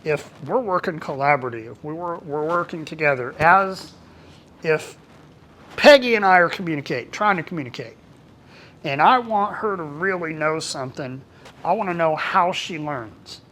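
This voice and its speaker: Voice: mid-range voice, animated, normal speed, a bit bright. A workplace trainer giving a casual, talkative presentation to a small group. The delivery is colloquial, and the trainer acts out bits of dialogue.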